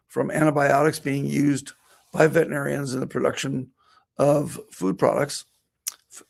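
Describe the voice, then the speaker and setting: Here a middle-aged vet, his voice slightly high and creaky with vocal fry, recounts an anecdote from his own life mid-talk. He narrates it as a story, repeating his own words and those of other people.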